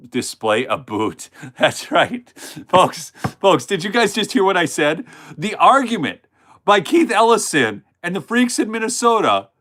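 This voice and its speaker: A man's voice: fairly high pitch, fairly bright tone. A man hosting a live stream with political commentary, incredulous and emphatic, reading news and answering chat. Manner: incredulous, emphatic, keeps asking chat to respond.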